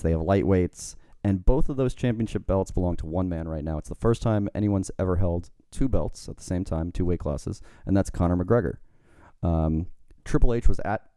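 A man's voice: deep voice, mellow, clear, resonant tone, no room sound, clean studio sound. A man co-hosting a podcast, chatting in a loose, joking, rambling way. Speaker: podcast co-host. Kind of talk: casual chat.

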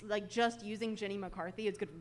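A woman's voice: mid-range voice, fairly even intonation, a little fast, slight background noise. A woman guest on a comedy podcast, a cartoonist chatting in an easygoing, wry way. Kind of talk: casual comedic chat.

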